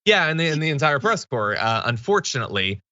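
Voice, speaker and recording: A man's voice: on the high side, very animated, fast talker, bright, forceful tone, dry recording, dull audio. A man co-hosting a political commentary show, talking casually with sardonic, mocking asides.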